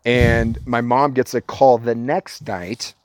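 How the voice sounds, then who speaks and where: A man from Orange County, California, telling a profane story as a podcast guest in a casual, animated way. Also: medium pitch, slow, dry recording.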